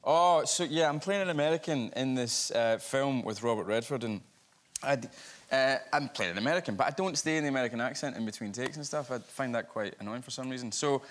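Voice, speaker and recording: A Scottish man telling a jokey anecdote as a guest on a TV chat show couch. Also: medium pitch. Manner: quick, jokey storytelling. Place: TV studio couch.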